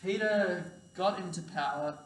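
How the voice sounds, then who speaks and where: A man's voice: high-pitched, a little slow. A sleep-deprived man giving a casual, rambling history lecture, swearing and correcting himself as he goes. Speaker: history presenter. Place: lecture hall. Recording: echoey hall, distant mic, faint hum.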